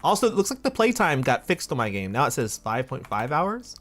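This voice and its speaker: Man, gaming streamer, very lively swooping pitch, giggly, reads chat, faint music behind. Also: brisk. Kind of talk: casual gaming livestream chat.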